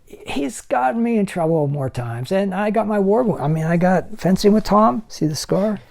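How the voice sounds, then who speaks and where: A man in his sixties with a mellow, warm tone, spinning animated anecdotes as an interview guest. He slips in and out of other people's voices while he tells his stories. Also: high-pitched, moderate pace, creaky. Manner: animated storyteller who acts out other people's lines. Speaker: special effects makeup artist guest. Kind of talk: anecdotal storytelling.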